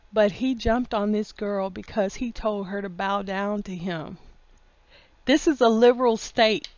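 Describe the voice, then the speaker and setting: A woman in a casual opinion monologue, folksy and full of endearments, laughing often and getting loud when worked up. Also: fairly high pitch, dry recording, muffled recording. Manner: folksy, drawls endearments like honey and baby. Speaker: vlogger.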